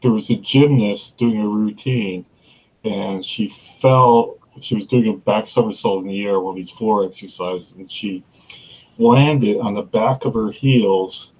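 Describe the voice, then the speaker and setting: A male radio co-host trading comic stories with dry, deadpan quips. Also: lowish voice, unhurried, slightly rough, low-quality recording.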